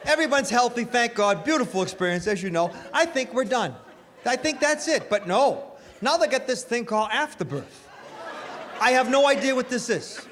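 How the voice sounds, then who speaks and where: A middle-aged man doing a stand-up comedy set, telling stories in an animated way and shouting his punchlines. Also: very high voice, moderate pace. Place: comedy club stage before a live audience. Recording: live club recording, echoey hall with crowd noise.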